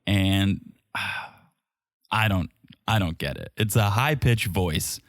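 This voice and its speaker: Deep-voiced guy doing snarky reality tv recap on a podcast, dry close mic. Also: slow pace, no echo. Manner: wry, sarcastic commentary. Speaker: podcast co-host. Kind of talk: casual recap chat.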